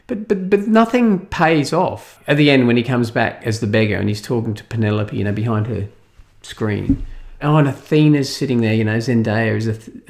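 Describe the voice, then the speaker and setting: Ranting Australian man reviewing a film. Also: mid-range voice. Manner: ranting, incredulous, with scoffing laughs. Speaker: movie reviewer. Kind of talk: opinionated film review monologue.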